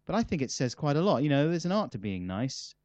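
A man's voice: fairly high pitch, sing-song, quick pace, darkish tone, no echo. This man talks in a loose, rambling way, full of self-mockery and dry wit. He answers interview questions casually as a comic guest. The recording is slightly dull and dry. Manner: rambling, self-mocking, wry. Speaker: comedian interviewee.

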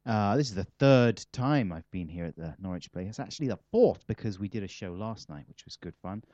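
A man's voice: lowish voice, animated, a little fast, mellow, dry recording. Man, comedian guest, casual interview, rambling, self-mocking, muffled dry recording.

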